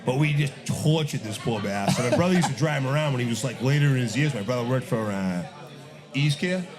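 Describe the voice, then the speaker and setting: A man, a guest on a live bar podcast, telling crude stories and shouting mocking impressions. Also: mid-range voice, fairly quick, music in the background. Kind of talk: casual storytelling among friends.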